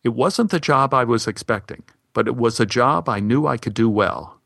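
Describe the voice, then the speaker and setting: A man narrating a funny personal story with wry, deadpan timing. His voice sits at an ordinary pitch, and the recording is dry and close, with no room echo. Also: moderate pace, vocal fry. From United States. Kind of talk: comic storytelling monologue.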